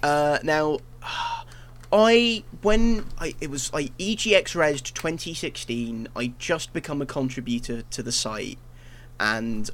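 A man co-hosting a casual gaming podcast, excitable, swearing and stumbling over his words. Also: mid-range voice, a little hiss or hum. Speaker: podcast co-host.

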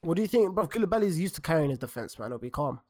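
A man argues football on a casual podcast, boisterous and full of slang, quick with a comeback. His voice sits a little high. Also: big pitch swings, darkish tone, no echo, clean studio sound. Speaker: podcast co-host. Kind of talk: casual banter about football.

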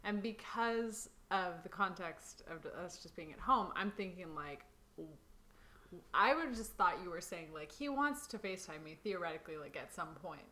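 Bright young woman telling a story. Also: on the low side, moderate pace. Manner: animated storyteller, acts out reactions. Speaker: podcast co-host. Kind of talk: casual chat.

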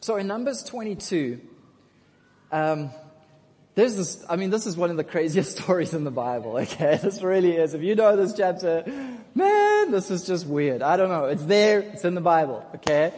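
A male pastor with a fairly high voice tells a scripture story in a loose, joking way, breaking off to ask the congregation to answer. His voice carries a long reverb from a church hall. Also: lively intonation, moderate pace, darkish tone. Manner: casual, jokey storytelling, asks congregation for responses. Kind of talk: sermon.

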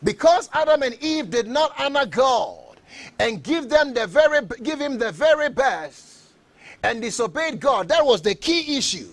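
High, lively-voiced man preaching slowly. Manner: emphatic preaching, repeats phrases, bursts into shouts. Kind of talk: sermon.

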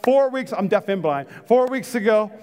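A man preaching a sermon to his church, animated and chatty, jumping from loud punchy lines to hushed low ones and joking with the congregation. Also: moderate pace, clear, resonant tone. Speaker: pastor. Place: church sanctuary. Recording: long reverb of a big hall.

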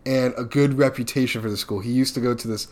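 A man chatting casually and animatedly as he retells a movie plot, slipping into quick character voices. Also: medium pitch. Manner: animated storyteller who slips into character voices and laughs often.

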